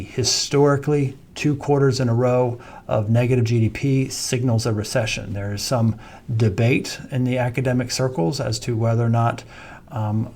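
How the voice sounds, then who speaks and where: A man's voice: mid-range voice, creaky, a little mellow. A man who founded a wealth management firm, giving his monthly stock market commentary in a conversational way and walking viewers through charts step by step. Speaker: founder and chief investment officer, market commentator.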